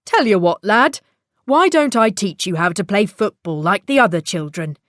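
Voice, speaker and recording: A woman's voice: mid-range voice, big pitch swings, moderate pace, a bit bright, no echo, studio quality. A woman doing a hearty, kindly storybook dad. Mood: encouraging. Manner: hearty and encouraging. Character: kindly, easygoing father.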